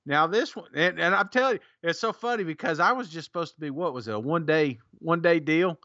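A man's voice: a little high, brisk, pushed and bright, no echo, muffled recording. A man co-hosting a casual podcast, joking, laughing often and reading listener reviews aloud. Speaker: podcast co-host.

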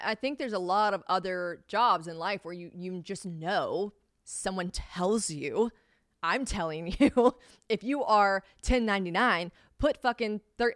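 A woman's voice: medium pitch, a bit bright, no room sound. Chatty potty-mouthed lady podcaster, normal mid voice, dry close mic. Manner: candid, profane, chatty storytelling. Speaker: podcast host. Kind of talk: casual solo podcast chat.

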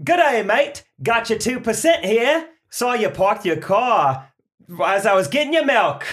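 A man voicing a cheery, brash Australian milkman with a put-on Australian accent and a loud, exaggerated delivery. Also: extremely high pitch, animated, measured pace, voice pushed up, exaggerated voice. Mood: hammy.

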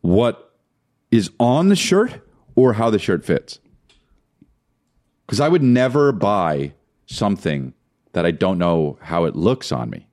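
A male podcast co-host in loose, joking conversation, his voice sitting a little low. He is laid-back and lets sentences trail off into fillers. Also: expressive, slow, pauses often, darkish tone. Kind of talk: casual chat.

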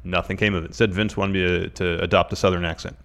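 Low-voiced man chatting wrestling news. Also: fast. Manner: animated, reads news items aloud, frustrated rants. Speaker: podcast co-host. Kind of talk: casual wrestling news chat.

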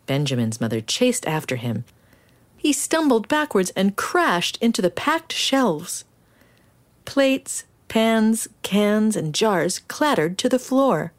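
A woman reading a children's picture book aloud in an expressive, animated storytelling style. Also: deep voice, a little slow.

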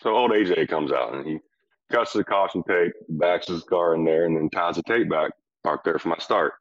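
A man, a former pitcher, telling a brash, profane locker-room story in an animated way. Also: normal speed, no echo. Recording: dull lo-fi clip.

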